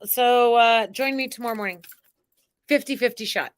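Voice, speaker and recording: A woman's voice: on the high side, moderate pace, slight background noise. A woman hosting a live spiritual card reading, talking in an exuberant, theatrical way with chanting and cheering.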